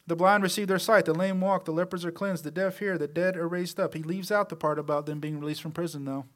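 This pastor's voice sits on the high side, with a steady tone and a fast delivery. He preaches in a conversational way, asking rhetorical questions and softening at the close of his phrases.

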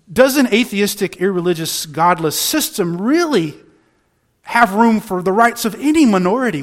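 Earnest, high-voiced male preacher. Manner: earnest, repeats words when restarting, rhetorical questions. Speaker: pastor. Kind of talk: sermon.

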